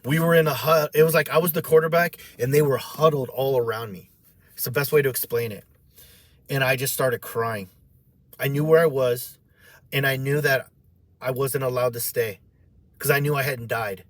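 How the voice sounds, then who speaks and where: A man telling an emotional personal story, animated and repetitive, acting out the voices of others as he goes. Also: medium pitch, moderate pace, no echo. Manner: emotional, repeats himself.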